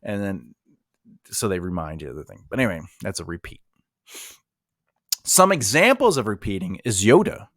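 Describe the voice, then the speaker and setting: Man with a lively voice explaining writing. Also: deep voice, moderate pace, pauses often, dry recording, studio quality. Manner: loose, rambling explanation with fillers and restarts. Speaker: writing teacher. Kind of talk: casual instructional talk.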